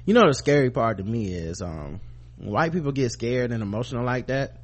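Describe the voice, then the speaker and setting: A man's voice: medium pitch, lively intonation, a little fast. A man giving casual, profane, sarcastic reaction commentary on a clip he is streaming.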